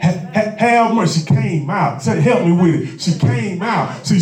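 High-voiced man preaching in an echoey hall. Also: big pitch swings, normal speed, hardly any pauses. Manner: folksy, repetitive preaching that builds to shouted exhortation. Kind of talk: sermon. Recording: echoey room picked up from a distance.

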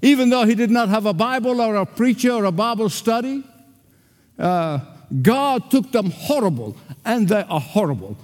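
An older male pastor preaching with a high, lively voice that rises and falls dramatically. He hammers points through repetition and asks the congregation to answer back. His voice rings through a large church with a long reverb. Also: moderate pace. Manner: emphatic, repetitive preaching with call-and-response. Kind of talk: sermon. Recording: reverberant hall.

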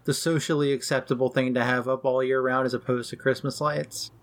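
Gravelly-voiced young podcast co-host. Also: medium pitch, brisk. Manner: relaxed, wry, many "like" fillers. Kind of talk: casual anime recap chat.

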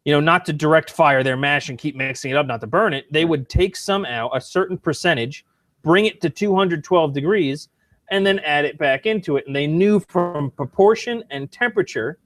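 A man's voice: on the high side, normal speed, fairly bright tone, no room sound. A man co-hosting a casual podcast, explaining with knowledge in loose, restarting sentences. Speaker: podcast co-host. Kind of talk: casual chat.

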